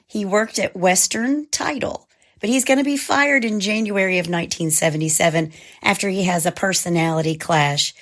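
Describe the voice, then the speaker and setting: A woman with a hoarse voice from a cold, co-hosting and narrating a true crime podcast in a measured, scripted way. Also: fairly low pitch, a bit bright. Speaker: podcast co-host.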